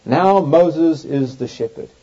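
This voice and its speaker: A man whose voice sits a little high and warm preaches slowly, reading scripture aloud with swooping emphasis as part of a Bible teaching sermon. The lecture setting includes an overhead projector, and the audio is dull and lo-fi.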